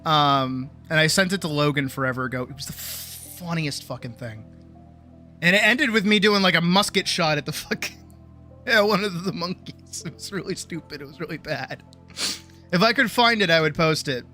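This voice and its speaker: With a deep voice and moderate pace, a woman streamer chats casually and animatedly, swearing plenty and mocking herself. Faint music can be heard behind her.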